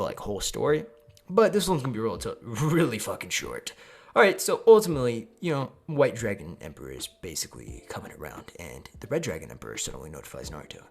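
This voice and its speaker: A man's voice: lowish voice, vocal fry. A man casually improvising a profane, joking fan story in a rambling way.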